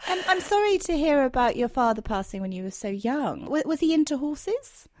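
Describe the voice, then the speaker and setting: A woman's voice: high-pitched, sing-song, fairly quick, darkish tone, no room sound, clean studio sound. A woman hosting a podcast interview, chatty and effusive, often restarting her questions. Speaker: podcast host. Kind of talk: casual interview chat.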